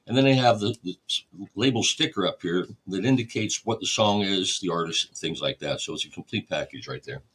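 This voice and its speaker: A man's voice: sits low, brisk, a bit bright, husky. A man hosting a record store livestream, casually explaining each step while he catalogs vinyl. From United States.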